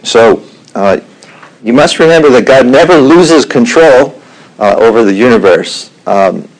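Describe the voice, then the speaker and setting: A middle-aged man teaching a Bible lesson in an unhurried way, with frequent fillers and the odd throat clearing. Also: mid-range voice, animated, poor audio.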